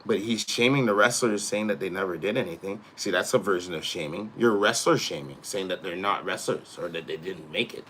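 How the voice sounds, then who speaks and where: Brash middle-aged male host with a bright, sharp tone; profane, animated rant that swings from low mutters to loud outbursts. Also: brisk, few pauses, slight background noise. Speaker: podcast host, wrestler.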